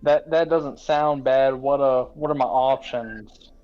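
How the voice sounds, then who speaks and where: A man playing in a tabletop role-playing game, answering in an unhurried, slightly hesitant way. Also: medium pitch, a little mellow, soft background music. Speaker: player. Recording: dull, slightly noisy mic.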